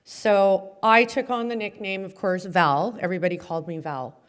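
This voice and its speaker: A woman's voice: medium pitch, fairly even intonation, moderate pace. A middle-aged woman mayor giving a heartfelt, chatty award-ceremony speech with many fillers.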